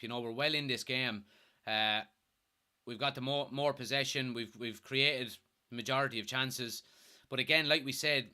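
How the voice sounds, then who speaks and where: A young man hosting a live fan watchalong, giving excitable, partisan commentary and reading out chat. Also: mid-range voice. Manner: excitable, partisan, swears when thrilled.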